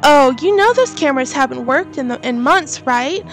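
A woman's voice: high-pitched, expressive, normal speed, soft background music. A scheming female coworker from a horror game speaks in a falsely casual, offhand way, as a woman puts her on. Her tone is light, but the words are meant to sting. The voice stays close to the performer's own.

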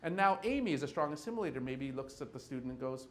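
A man giving a keynote lecture, telling stories and acting out quick scenes between people. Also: mid-range voice. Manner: animated, acts out little scenes with quoted voices. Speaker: keynote speaker. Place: lecture hall with audience.

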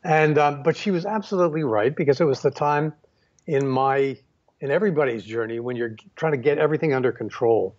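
Male interview guest, mid-pitched, reflective storyteller with lots of fillers; dull lo-fi sound. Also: darkish tone. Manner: unhurried, many fillers and restarts. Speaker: photographer guest.

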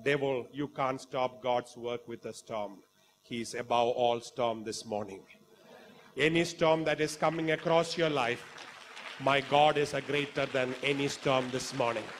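A man with an Indian English accent preaching a sermon, fervent and dramatic, swinging from quiet talk to loud exclamations. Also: medium pitch, slight background noise. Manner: acts out quoted voices in the story.

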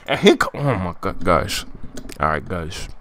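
A man giving excitable, profane, joking commentary on a game trailer from his room. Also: deep voice, a little slow, gravelly, slight background noise. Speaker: gaming YouTuber. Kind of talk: casual gaming commentary. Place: home room, sitting at a desk chair.

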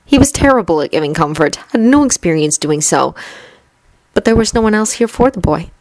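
A woman reading fanfiction aloud as an audiobook, in steady, measured storytelling. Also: on the low side, no room sound, low-quality recording. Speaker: fanfiction reader. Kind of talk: audiobook narration.

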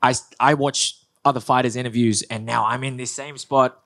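Male fighter, post-fight presser, mid-pitched, easygoing, rambly answers. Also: steady tone, moderate pace, fairly bright tone. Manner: upbeat, loose, filler-heavy with frequent restarts. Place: press conference room.

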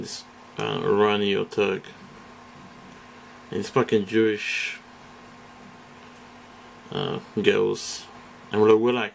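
A low-voiced British man with a gravelly rasp rants in a rambling, profane vlog, hesitating and restarting as he goes. A faint room hum sits under his voice. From Britain. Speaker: vlogger. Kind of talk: casual vlog rant. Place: indoors, face off camera.

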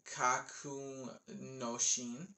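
A man slowly reading out a long list of names, one at a time, with offhand casual asides. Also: medium pitch, flat delivery, vocal fry, bright, forceful tone. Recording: roomy echo.

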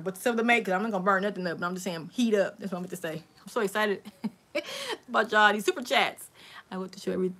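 Bright, excitable woman crafter. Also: mid-range voice. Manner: chatty and excitable, talks straight to viewers. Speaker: crafting channel host. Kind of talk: casual live-stream tutorial.

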